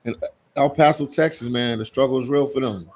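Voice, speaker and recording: A man's voice: medium pitch, brisk. A man from Philadelphia hosting a casual live stream, reading out viewer comments in a laid-back way and often saying "man". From Philadelphia, USA. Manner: laid-back, keeps tacking "man" onto sentences.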